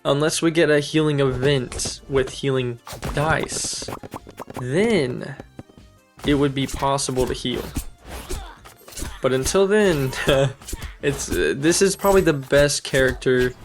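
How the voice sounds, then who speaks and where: A man's voice: mid-range voice, slow, soft background music. A young man giving casual, upbeat commentary while playing a video game, thinking aloud and amused by his own plays. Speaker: gaming streamer. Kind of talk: casual let's-play commentary.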